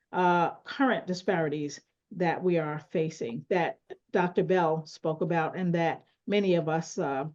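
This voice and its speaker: A woman moderating a panel discussion on a call, speaking deliberately and often adding a rhetorical "right?". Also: on the low side, mellow, dull audio.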